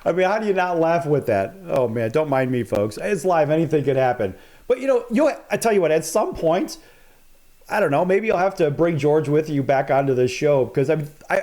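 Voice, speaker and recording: An enthusiastic man hosts a live sports talk show and laughs easily along with his guest. His voice sits a little high for a man. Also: darkish tone. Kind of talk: live broadcast interview.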